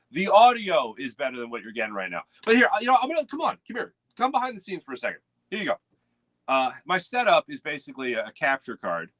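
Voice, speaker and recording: Philly sports host, male, bright slightly high voice, loose and rambling, dry close home-studio mic. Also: no room sound. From United States. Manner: rambling, chatty, reads out chat names. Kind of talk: casual live morning sports show.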